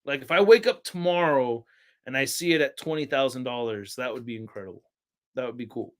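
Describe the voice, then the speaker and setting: A man's voice: mid-range voice, fairly quick. A young man hosting a livestream, chatting casually in a laid-back, slangy way and telling stories to his chat. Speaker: livestream host.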